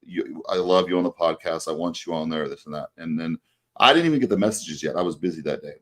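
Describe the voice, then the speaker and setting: A man with a low voice tells a story on a podcast, looping back through fillers and false starts. His delivery is loose and conversational, a co-host talking with a friend. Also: animated, quick pace, fairly bright tone. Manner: rambling anecdote with many fillers and restarts. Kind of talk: casual storytelling chat.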